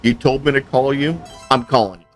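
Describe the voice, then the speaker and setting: A man's voice: medium pitch, steady tone, a little fast, faint music behind. A man chatting casually while gaming, telling a long complaint story and acting out both sides of the conversations he quotes. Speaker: gaming channel host.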